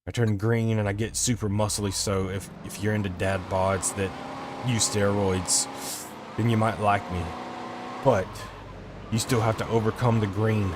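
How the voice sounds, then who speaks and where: Over background noise, a man with a lowish voice speaks at a measured pace in a level tone. He's a gaming streamer rambling casually about his gameplay into a desk mic and swearing when frustrated.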